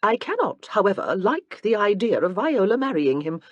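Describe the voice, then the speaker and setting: A woman voicing a spirited, protective gentlewoman in an audiobook. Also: mid-range voice, sing-song, normal speed, dry recording, dull audio, voice pushed up. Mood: wry.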